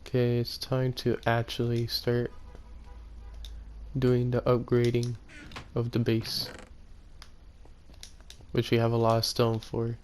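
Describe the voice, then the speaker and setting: A man commentating his own gameplay in an unhurried, fairly monotone voice. He rambles, corrects himself and often drifts quiet. Faint keyboard clicks sit underneath. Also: mid-range voice, slight background noise. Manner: rambling, self-correcting, soft-spoken. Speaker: gaming YouTuber.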